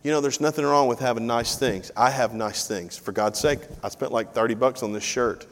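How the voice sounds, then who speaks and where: A man's voice: medium pitch, fairly even intonation, moderate pace. Male pastor preaching in a reverberant church. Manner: conversational preaching with self-deprecating asides and repeated phrases. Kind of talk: sermon. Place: church sanctuary. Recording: live church audio with long hall reverb.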